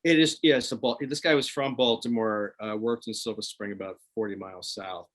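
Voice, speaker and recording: A man in casual chat, an animated storyteller who laughs often, from the Washington DC area. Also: fairly low pitch, fairly quick. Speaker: guest.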